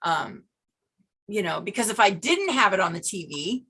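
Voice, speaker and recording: An older woman with an Okie-tinged Californian accent tells stories in a chatty way, full of asides. Her voice is bright and forward. She is talking over a video call. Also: mid-range voice, moderate pace, breathy edge. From Northern California. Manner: chatty storyteller, lively asides. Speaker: guest. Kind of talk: casual video call chat.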